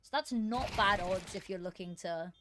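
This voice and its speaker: A woman's voice: medium pitch, normal speed, noisy background. A woman casting an esports qualifier on a live stream, chatting casually and rambling with fillers and self-deprecating asides.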